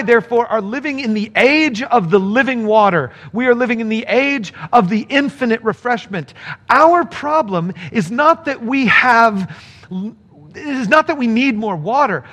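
Male pastor, sermon delivery, high-pitched, earnest, shifting pace for emphasis. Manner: earnest, animated preaching with quick bursts and slowed emphasis. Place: speaking to a remote congregation.

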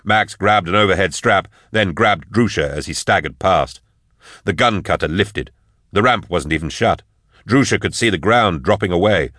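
A man reads an audiobook in a steady, measured way, and his voice sits very low. The recording is close and dry, with no room sound at all. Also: no echo. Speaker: audiobook narrator. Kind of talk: scripted narration.

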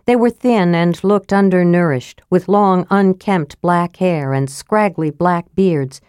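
A woman reading a fantasy story aloud as narrator, dropping her voice low for the male characters. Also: slow pace, a little mellow, smooth, no echo, clean studio sound. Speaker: audiobook narrator.

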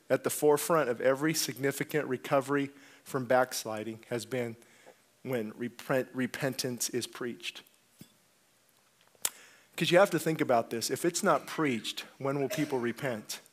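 A male pastor preaches an impassioned sermon, climbing to loud outbursts and then dropping into low, intense stretches.

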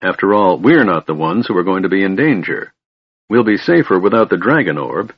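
A man reading aloud voices a grumbling old male dwarf, muttering in a husky, low voice. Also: animated, a little fast, muffled recording, exaggerated voice. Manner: muttering, gruff.

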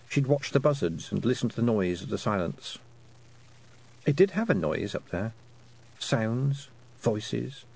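Low, lively male storyteller. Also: vocal fry. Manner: expressive storytelling, voicing the characters. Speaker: audiobook narrator. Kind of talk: scripted narration.

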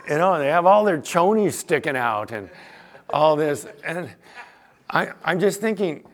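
A middle-aged man preaching a sermon as pastor, telling stories with lively acted-out quotes. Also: fairly high pitch, a little slow. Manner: animated storytelling with acted-out quotes.

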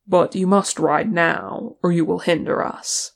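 Steady commanding ranger in a reader's voice, firm, direct. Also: medium pitch, measured pace, creaky.

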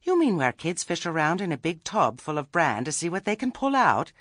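A man voicing a cheerful, sly old village witch woman in an audiobook, with a high, hearty, gossipy delivery and a husky voice in a dry recording. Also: huge pitch swings, normal speed, a bit bright, dry recording, exaggerated voice. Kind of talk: audiobook character reading.

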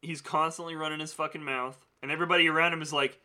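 A man's voice: a little high, steady tone, fast, pushed and bright. A man co-hosting a casual movie chat podcast, swearing freely and laughing often. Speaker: podcast co-host.

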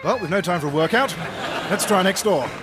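A man's voice: high-pitched, animated, a little fast, over music. A man playing a smug, scheming Victorian aristocrat who leads the plot in a comedy sketch. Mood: brisk.

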